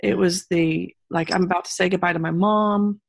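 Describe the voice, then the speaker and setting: Her voice sits on the low side, creaky and fairly even in intonation, at a moderate pace, with a little hiss or hum in the recording. As a guest from Texas sharing her story in a relaxed interview, she wanders, restarts often, says um a lot, and talks earnestly about faith.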